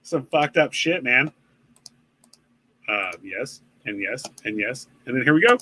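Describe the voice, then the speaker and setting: A man's voice: medium pitch, lively intonation, a little slow, sharp tone, a little hiss or hum, poor audio. A man co-hosting a casual live-streamed podcast, rambling with many fillers and swearing often. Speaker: podcast co-host.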